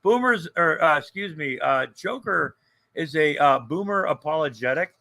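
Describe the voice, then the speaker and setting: A man's voice: on the high side, lively intonation, normal speed, gravelly, pushed and bright. An older man co-hosting a casual livestream chat, joking, rambling and swearing freely. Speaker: co-host.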